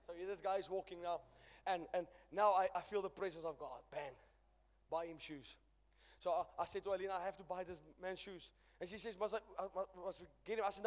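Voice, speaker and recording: South African male pastor, high voice, dynamic storyteller, church reverb. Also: steady tone, fast talker. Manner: emphatic storytelling preacher, swings loud and soft. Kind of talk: sermon.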